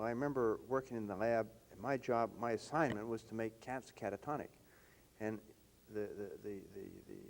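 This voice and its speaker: Older male interviewer, lively anecdotal storyteller, voice swings up and down a lot. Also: medium pitch, a little hiss or hum. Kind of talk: reminiscing conversation.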